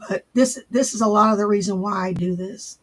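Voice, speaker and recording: Husky high-voiced man reassuring his chat. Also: fairly quick. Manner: repeats himself, gentle reassuring. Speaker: livestream host. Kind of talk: casual livestream chat.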